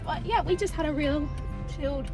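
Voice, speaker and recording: A woman's voice: sits high, a little fast. A young woman chatting casually to camera in her vlog, full of ums, partly from a car. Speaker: vlogger. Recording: voice a bit far from mic, loud music behind.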